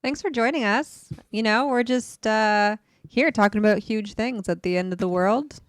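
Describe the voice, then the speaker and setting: A woman's voice: medium pitch, normal speed, dry recording. A woman co-hosting a live podcast, signing off in a shy, giggly way. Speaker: podcast co-host. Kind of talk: casual sign-off chat.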